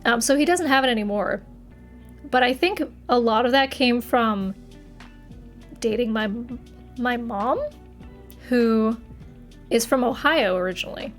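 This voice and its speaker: A young woman with a northern US accent chats on a livestream, her fairly high voice bright with giggles as she banters with viewers. She talks into a desk mic with faint music underneath. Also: measured pace, pauses often. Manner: chatty, giggly, answers viewer chat playfully. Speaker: streamer. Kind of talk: casual livestream chat. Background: faint background music.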